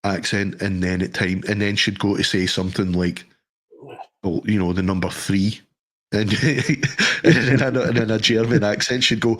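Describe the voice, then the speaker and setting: A man's voice: on the low side, steady tone, normal speed. A middle-aged man in casual chat on a podcast, telling jokey, sweary anecdotes. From Scotland. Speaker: podcast co-host.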